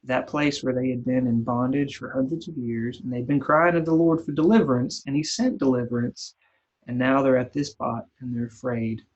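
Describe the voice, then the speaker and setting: A man's voice: mid-range voice, fairly even intonation, normal speed. A man leading a casual Bible study in a church, retelling scripture in plain, folksy everyday terms. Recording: dull lo-fi recording.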